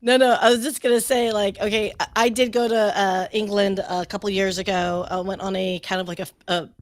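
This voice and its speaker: A woman co-hosting a casual chat, telling animated anecdotes. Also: mid-range voice, a little fast, no echo.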